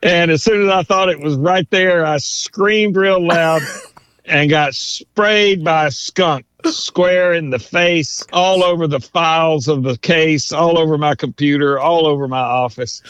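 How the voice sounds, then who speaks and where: A man, a lawyer and author, telling animated anecdotes in an interview and chuckling as he goes. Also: a little high, a little slow, clear, resonant tone, no echo. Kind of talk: storytelling interview. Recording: dull, dry sound.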